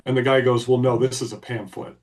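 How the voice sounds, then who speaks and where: A man's voice: mid-range voice, flat delivery, brisk, darkish tone, recorded from a distance. A man co-hosting a podcast, telling a story in a blunt, emphatic way. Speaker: podcast co-host. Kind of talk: casual storytelling.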